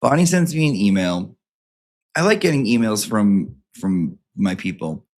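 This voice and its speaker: His voice is fairly low with lively intonation, and he takes an unhurried pace. Hosting his channel, he casually reads viewer emails to a live audience, campy and sassy, swearing freely and tossing in plenty of asides.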